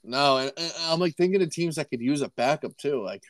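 A man's voice: a little high, expressive, fairly quick, no echo. Young man co-hosting a sports chat. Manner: rambling, joking, restarts and laughs. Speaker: podcast co-host.

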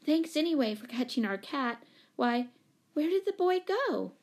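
A woman voicing a chatty young girl with a higher, lively voice. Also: unhurried, full character voice. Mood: girlish.

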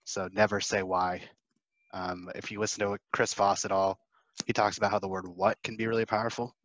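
A young man with a fairly low voice chats loosely about cold calling, slipping into little acted-out phone exchanges. The audio is dry and a little dull, like a lo-fi recording with no room sound. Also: brisk, no echo. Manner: animated, acts out phone exchanges. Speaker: sales panelist. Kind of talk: casual advice chat.

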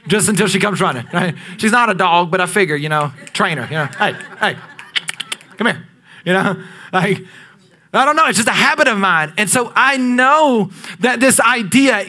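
A man in his thirties, a pastor preaching a sermon, shifting between loud emphatic peaks and hushed, drawn-out lines. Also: sits high. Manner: dynamic preaching, swings between loud peaks and near-whispers.

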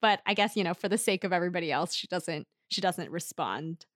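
A young woman co-hosting a casual recap podcast, giggly and animated, jumping up high for quoted lines. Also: a little fast, dry recording, studio quality. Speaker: podcast co-host.

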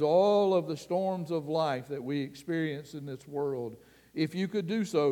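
A man preaching a sermon as pastor, earnest and deliberate, sometimes dropping his voice to a hush. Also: fairly high pitch, in a large hall. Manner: slow, earnest preaching with dramatic drops to a hush.

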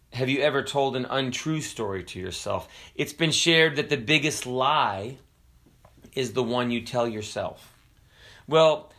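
A middle-aged man preaching a sermon on a podcast, slowly and deliberately, stressing key words and reading Bible verses. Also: medium pitch, fairly bright tone. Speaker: pastor.

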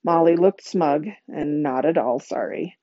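Woman reading a novel aloud, mellow. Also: sits low, a little slow, dry recording, lo-fi sound. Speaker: reader.

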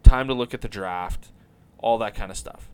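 A man hosting a podcast, talking casually about hockey in an animated, rambling way and swearing now and then. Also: on the low side, moderate pace. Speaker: podcast host.

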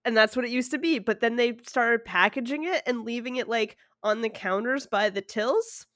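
A young woman co-hosting a casual chat, animated and laughing through her stories, swearing casually. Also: a little high, moderate pace, no echo, studio quality. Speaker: podcast co-host.

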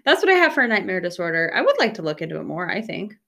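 A woman's voice: fairly low pitch, big pitch swings, rapid-fire, vocal fry, sharp tone. A young woman co-hosting a podcast, chatting casually, swearing freely and laughing often as she tells stories. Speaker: podcast co-host. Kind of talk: casual chat.

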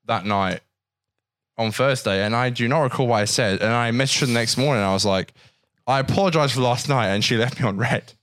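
A young man, podcast co-host, teasing his friends in quick casual banter. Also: medium pitch, a bit bright, slight background noise. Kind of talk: casual chat.

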